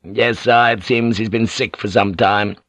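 A man's voice: fairly low pitch, fairly even intonation, measured pace, fairly bright tone, no echo. A man voicing a scheming, gloating lord who speaks in an eager and insinuating way.

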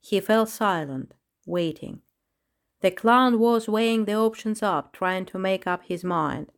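A woman narrating a children's storybook in a measured, unhurried reading voice. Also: mid-range voice.

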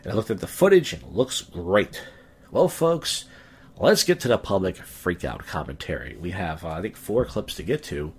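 A man in his thirties, drunk, hosting his podcast with a profane, rambling story that jumps up in pitch when he rants. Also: big pitch swings, normal speed, a little hiss or hum. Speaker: podcast host and stand-up comic. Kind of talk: casual rambling podcast monologue.

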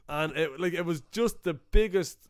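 A young Dublin man with an Irish accent, co-hosting a podcast and telling a profane, animated anecdote in casual chat. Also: on the high side, vocal fry, no echo, studio quality. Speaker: podcast co-host.

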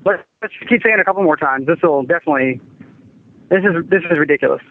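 A man's voice: on the high side, fast. Exasperated man on a tinny phone line. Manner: exasperated, stammering complaints. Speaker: prank call target. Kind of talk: phone call.

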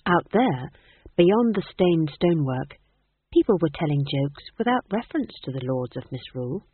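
Expressive audiobook reader, husky voice, dry tinny audio. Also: medium pitch, moderate pace, no echo. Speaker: audiobook narrator.

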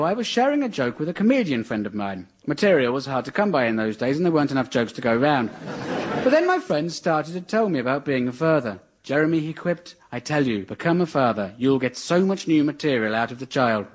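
Male comic host, mock lecture, slightly high and animated delivery, faint hiss. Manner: dry, mock-earnest lecturing. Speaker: comedy show host. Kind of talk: satirical radio comedy monologue.

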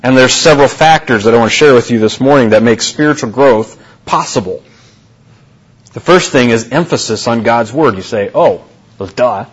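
A man's voice: medium pitch, normal speed, slightly rough, low-quality recording. A man preaching a sermon to his congregation, in an earnest manner, often repeating and restarting his phrases and asking questions. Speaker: pastor. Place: church.

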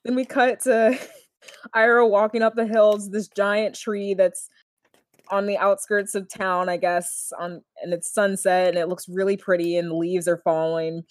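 A young woman recapping a TV episode in casual chat, laughing often and gushing with animated delight. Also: mid-range voice, measured pace, no echo, clean studio sound.

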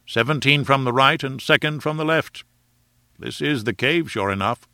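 A man voicing a brisk, practical aristocratic adventurer who talks in a hearty, clipped way. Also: medium pitch, sharp tone, no echo, clean studio sound, voice pushed up.

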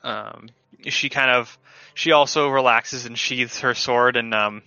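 A man's voice: mid-range voice, fairly even intonation, unhurried, gravelly, bright, forceful tone, no room sound. A man narrating a tabletop game online as game master, loose and full of fillers, over dull lo-fi call audio.

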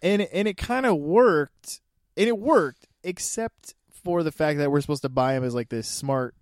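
A man with a slightly higher voice chats through a movie review on a podcast, laughing easily between his points. His sentences stop and restart as he thinks aloud. The sound is dry and close, with no room around it. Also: normal speed, no echo. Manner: laughs often, animated, many restarts. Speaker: podcast co-host. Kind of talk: casual movie review chat.

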